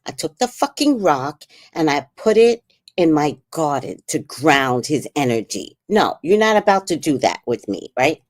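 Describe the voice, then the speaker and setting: A woman's voice: low-pitched, unhurried, dry recording, studio quality. A middle-aged woman casually telling a personal story as a podcast host, laughing and quoting others in put-on voices. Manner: animated, laughing, quotes people in put-on voices.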